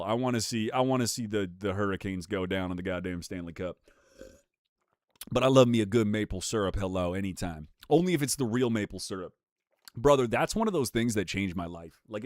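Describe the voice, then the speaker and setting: A man's voice: on the low side, no echo, studio quality. A young man streaming live, bantering with chat in a joking, profane way.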